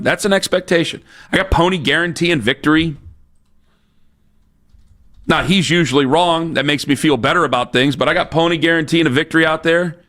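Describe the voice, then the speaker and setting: A man's voice: on the high side, a bit bright. Fired-up sports radio host man. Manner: fired-up, repetitive, challenging. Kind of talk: sports talk radio rant. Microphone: studio microphone.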